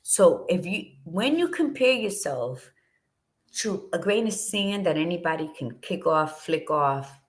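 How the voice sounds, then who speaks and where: A woman's voice: lowish voice, animated, unhurried. A middle-aged woman hosting a talk show, speaking with candid, passionate conviction and swearing freely. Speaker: podcast co-host. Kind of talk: casual motivational talk.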